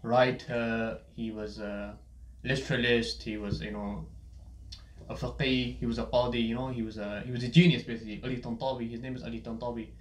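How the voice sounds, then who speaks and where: Fast-talking man, echoey room. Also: mid-range voice, little pitch movement, slight background noise. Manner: storytelling, many fillers and asides. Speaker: podcast host. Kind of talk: casual podcast chat. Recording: roomy echo.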